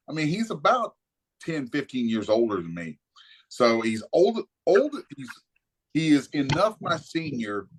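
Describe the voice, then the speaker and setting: A guest who is a comic artist from Kentucky, USA, tells a casual anecdote as an animated, profane storyteller. His voice is mid-range.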